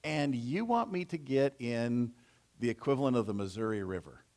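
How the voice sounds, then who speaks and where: A proud army commander, indignant and grumbling, who complains in loose everyday slang, as a preacher puts him on. His pitch sits at an ordinary middle height for a man. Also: lively intonation, moderate pace, darkish tone, lightly acted. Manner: grumbling, casual modern slang.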